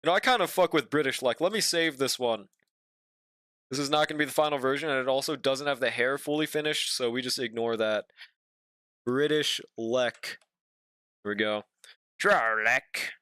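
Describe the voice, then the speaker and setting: Chill young guy streaming his drawing, swears a lot, smooth voice, dry close mic. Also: mid-range voice, fast, fairly bright tone, no echo. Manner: laid-back, swears often, talks to chat. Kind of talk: casual stream chat while drawing.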